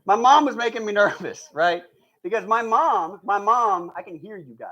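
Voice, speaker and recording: This is a high-pitched man at normal speed, doing a lively stand-up set in front of a live audience. He tells animated stories, impersonates the people he quotes and laughs at his own punchlines.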